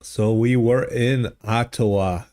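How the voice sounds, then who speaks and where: A man hosting a livestream, chatting casually and thinking aloud in a halting, easygoing way while playing a geography game. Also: mid-range voice, steady tone, dark tone. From United States. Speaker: livestream host. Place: home streaming studio. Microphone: studio desk microphone.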